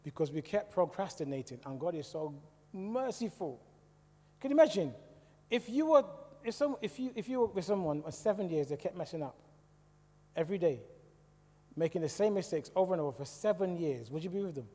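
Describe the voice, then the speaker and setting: Middle-aged british guy preaching his testimony, kinda high voice, long church hall echo. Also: a little fast. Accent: British English. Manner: lively storytelling, asking the audience questions. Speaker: church speaker. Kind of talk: personal testimony talk. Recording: echoey church hall reverb.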